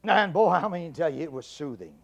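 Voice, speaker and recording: A middle-aged man giving a humorous storytelling speech, folksy and animated, stammering and repeating himself for effect. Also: on the high side, fairly quick, creaky, lo-fi sound. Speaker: public speaker.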